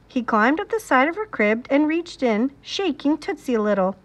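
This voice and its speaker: A woman reading a children's novel aloud in an expressive way. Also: sits high, normal speed. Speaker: reader.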